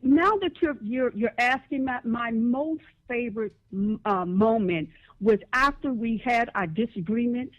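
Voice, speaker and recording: Mother guest on a radio show, slightly high voice, kinda dull muffled audio. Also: unhurried. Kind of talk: casual interview.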